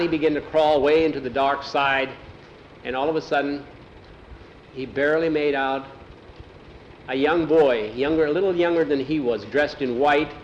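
A man's voice: medium pitch, a little hiss or hum. Man telling a story, lo-fi recording. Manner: repeats "he says" between lines. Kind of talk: told adventure story. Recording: dull lo-fi recording.

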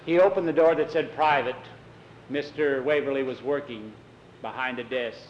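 A man with a medium-pitched voice tells a story at normal speed in a plain, folksy way, voicing every character himself. The recording sounds roomy and dull, with faint ambience and a little hiss or hum.

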